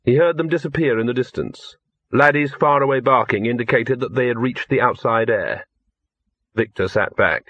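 A man reading a novel aloud in measured, scripted narration. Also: medium pitch, a bit bright, husky, dry recording. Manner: measured storytelling. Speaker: audiobook narrator. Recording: dull lo-fi, dry close mic.

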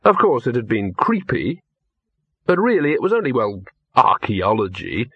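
A man reading a novel aloud in measured, scripted narration. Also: medium pitch, sing-song, slightly rough, no room sound. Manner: measured storytelling. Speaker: audiobook narrator. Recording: dull lo-fi, dry close mic.

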